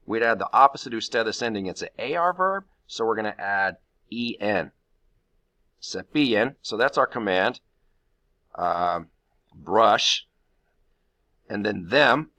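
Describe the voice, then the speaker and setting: A man's voice: lowish voice, pushed and bright, dry recording. A man teaching a Spanish grammar lesson to his class, explaining each step patiently and counting syllables aloud.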